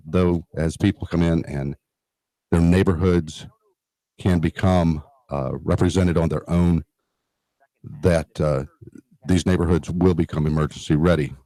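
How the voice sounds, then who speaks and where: A man's voice: deep voice, warm tone, dry recording. A man guesting in a radio studio, explaining emergency preparedness earnestly with frequent fillers and restarts. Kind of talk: radio talk interview.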